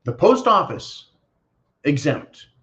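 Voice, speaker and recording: A man's voice: on the high side, sing-song, slow, a bit bright. A man hosting his own show, answering viewer comments in a profane, sarcastic political rant, mocking others with put-on voices. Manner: sarcastic, swearing, mocking voices when quoting.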